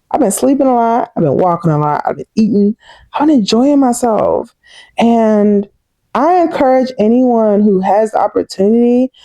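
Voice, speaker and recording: A woman in her thirties talking casually and warmly to her viewers in a personal vlog, chatty and heartfelt. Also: on the high side, no echo. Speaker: vlogger.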